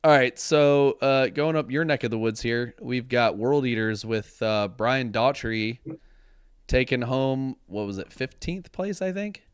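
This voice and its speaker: A man's voice: medium pitch, measured pace, clean tone, no room sound, studio quality. A man co-hosting a casual gaming chat show, rambling and sometimes losing his words mid-sentence. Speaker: podcast co-host. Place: home studio.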